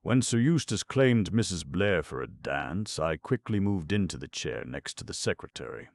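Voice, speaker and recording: A man narrating an audiobook in a measured, even storytelling manner. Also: sits low, vocal fry, no echo.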